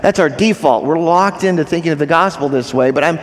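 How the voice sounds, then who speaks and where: A male pastor delivers a sermon in a fairly high voice, leaning hard on key phrases and repeating them. He checks in with the congregation through questions as he goes. The sound carries a long reverb from the sanctuary. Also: fairly quick.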